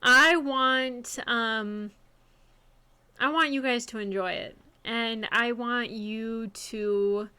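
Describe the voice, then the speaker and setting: A woman's voice: fairly high pitch, extremely slow, pushed and bright, clear, resonant tone. A young woman, a self-published author, talking on her livestream, gushing, nervous and close to tears, often restarting her sentences. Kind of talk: emotional casual livestream talk.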